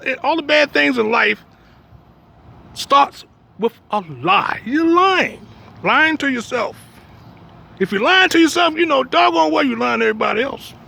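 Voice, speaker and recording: A man's voice: extremely high pitch, creaky, bright, forceful tone. A man preaching in a blunt, emphatic way. He keeps asking "you understand me?" and drops streetwise jokes between points. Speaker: religious teacher. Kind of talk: preaching talk.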